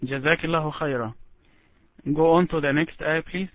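A man teaching Quran recitation one-on-one, patient and slow, demonstrating each word drawn out, over an online call. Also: a little high, slight background noise. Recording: tinny phone-like line.

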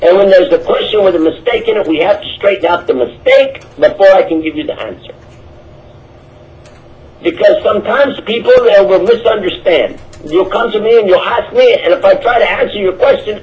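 A man's voice: sits high, moderate pace. A man preaching about his religion and answering questions. He speaks emphatically and repeats his points. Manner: emphatic, repetitive, animated. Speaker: Islamic preacher. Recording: dull lo-fi audio.

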